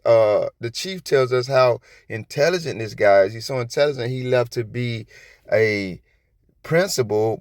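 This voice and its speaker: A man's voice: mid-range voice, dry recording, clean studio sound. A man hosting his own commentary vlog, talking bluntly and profanely straight to his viewers and wandering off topic. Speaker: commentary channel host.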